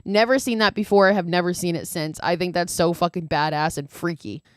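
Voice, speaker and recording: A woman's voice: lowish voice, steady tone, brisk, smooth, no echo, studio quality. A woman hosting a podcast, casually recapping a film with lots of swearing and gushing asides. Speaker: podcast host.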